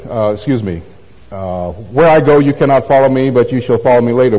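A man's voice: medium pitch, expressive, fairly quick. Older man preaching in a reverberant hall. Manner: conversational preaching, rhetorical questions, wry asides. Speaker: pastor. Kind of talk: sermon. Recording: dull lo-fi sound in a reverberant hall.

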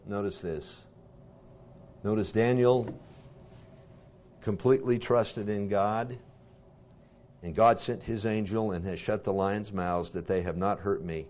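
A man reading scripture aloud and pausing to explain it in a conversational way, asking his listeners questions. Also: lowish voice, a little mellow. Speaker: Bible teacher.

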